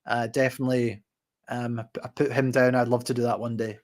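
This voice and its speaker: A man reading out and answering viewer comments on a live stream, relaxed and chatty, with lots of ums and uhs. His voice sits at an ordinary middle pitch for a man. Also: brisk. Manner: relaxed, chatty, reads viewer comments aloud with many fillers. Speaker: boxing channel host.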